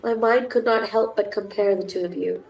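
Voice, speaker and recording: A woman's voice: mid-range voice, fairly even intonation, moderate pace, gravelly, a little mellow, lo-fi sound. A young woman with a cold, streaming a dating sim and reading its text aloud with chatty, gushing asides. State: has a cold. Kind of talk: reading game text aloud with casual commentary.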